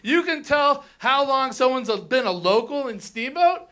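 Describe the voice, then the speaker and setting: A man's voice: extremely high pitch, animated, moderate pace, sharp tone. A young man from Colorado doing a crude stand-up comedy set on a theater stage, ranting and mimicking whiny locals.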